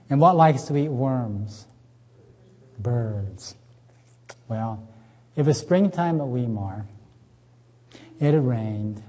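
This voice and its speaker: A man's voice: medium pitch, dark tone. A middle-aged man giving a health seminar at a church, chatty and folksy, quizzing the audience and telling jokes. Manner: folksy, asks the audience questions, tells jokes. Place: church hall with a live audience. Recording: dull lo-fi recording in a reverberant hall.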